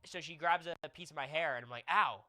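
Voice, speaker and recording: Bright-voiced young man telling a story. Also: on the high side, quick pace. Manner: animated storytelling, jokey. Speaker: streamer. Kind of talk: casual chat with viewers.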